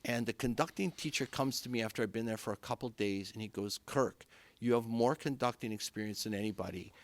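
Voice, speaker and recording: A middle-aged man from Canada, a conductor guest telling anecdotes in an animated way and acting out the voices of people he quotes. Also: medium pitch, no echo. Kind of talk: anecdotal storytelling. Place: podcast studio.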